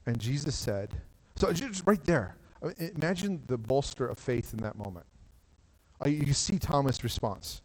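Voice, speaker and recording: A pastor preaching a sermon from a stage, talking in a conversational way with frequent "like" and quick restarts. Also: male voice, mid-range voice, darkish tone, long reverb tail, rough recording. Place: church stage.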